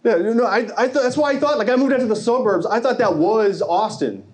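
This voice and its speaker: Stand-up comic, young man from Arkansas, slightly high voice, self-mocking, works the room, live stage with clear noise behind. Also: expressive, fast. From Arkansas, USA. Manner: chatty, self-mocking, talks to the crowd. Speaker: stand-up comedian. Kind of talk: stand-up comedy set. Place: comedy club stage.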